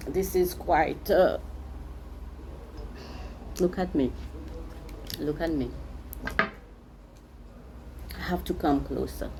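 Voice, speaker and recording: A woman's voice: sits low, a little mellow, slight background noise, low-quality recording. A woman giving a spiritual tarot reading, speaking straight to the viewer and repeating phrases for emphasis. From Seychelles. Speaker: tarot reader.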